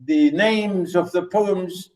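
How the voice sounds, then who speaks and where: Older man lecturing slowly, emphatic. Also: high-pitched, darkish tone, poor audio. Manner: emphatic, repeats phrases, restarts often. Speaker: literature lecturer. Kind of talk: university lecture.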